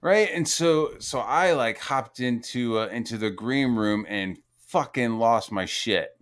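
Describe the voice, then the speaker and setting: A man's voice: mid-range voice, measured pace, a bit bright, clear, resonant tone. A man in his forties hosting a podcast, telling a long rambling story full of swearing and "like" fillers, acting out what others said. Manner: profane, rambling, heavy on "like" fillers, acts out quotes. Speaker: podcast host. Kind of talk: casual chat, storytelling.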